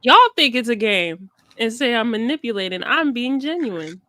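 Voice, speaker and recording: Soft-spoken, low-key woman in her twenties. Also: expressive, normal speed, no room sound. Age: 20s. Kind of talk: casual chat.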